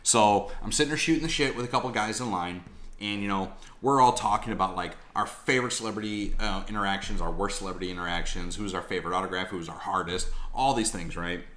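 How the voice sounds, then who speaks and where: Brief: man vlogging, low-pitched voice, animated slangy storytelling. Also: fast. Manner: animated, slangy, swears freely. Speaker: collectibles vlogger. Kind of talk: casual storytelling vlog.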